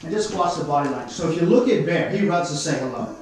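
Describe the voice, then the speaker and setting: An Australian man working as a dog trainer, explaining dog behaviour in an instructive way and giving calm commands to the dogs. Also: on the high side, quick pace, background noise. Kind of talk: explaining while demonstrating. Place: studio. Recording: echoey room, mic at a distance.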